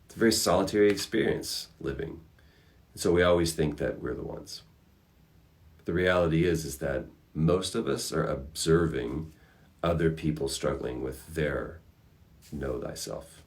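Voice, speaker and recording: A man hosting a casual livestream, answering fan questions with reflective advice and animated storytelling. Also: extremely low pitch, moderate pace. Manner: animated storyteller acting out characters.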